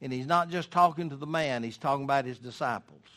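A man's voice: mid-range voice, fast talker, fairly bright tone. A man preaching a sermon, reading scripture aloud and explaining it verse by verse with emphatic, rhetorical questions.

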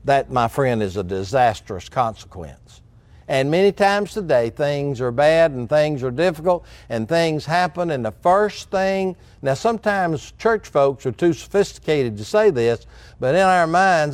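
A man's voice: on the high side, expressive, unhurried, no echo. A man preaching a sermon, acting out Bible dialogue with dramatic emphasis.

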